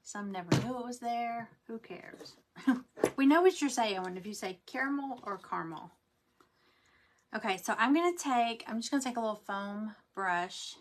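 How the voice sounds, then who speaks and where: A woman's voice: on the high side, expressive, moderate pace, a little hiss or hum. Chatty woman demoing crafts. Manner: chatty, rambling, talks to viewers. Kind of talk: casual craft demo livestream.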